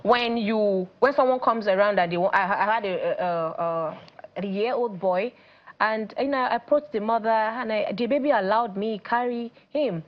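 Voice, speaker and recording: A woman with a Nigerian accent, a coach guest on a studio talk show, explaining things lively and acting out parents and children. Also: on the high side, normal speed, dull audio. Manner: animated, acts out parents and children in quoted voices.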